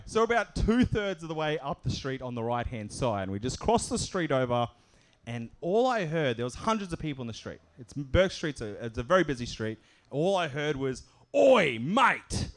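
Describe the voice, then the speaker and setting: Lively man telling a story on stage. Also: fairly high pitch. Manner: animated, laughing often, acting out quoted voices. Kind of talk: live storytelling to an audience. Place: live show stage.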